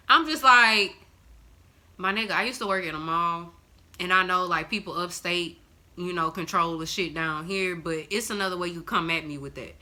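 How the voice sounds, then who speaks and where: A woman's voice: mid-range voice, normal speed, pushed and bright. A woman vlogger telling a story in casual chat, blunt and profane.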